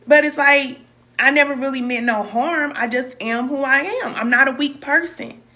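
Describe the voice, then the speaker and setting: A woman's voice: high-pitched, normal speed, bright, forceful tone. A middle-aged woman, a spiritual wellness teacher, talking casually and emotionally to viewers on a live stream, reading their comments and calling them cousin.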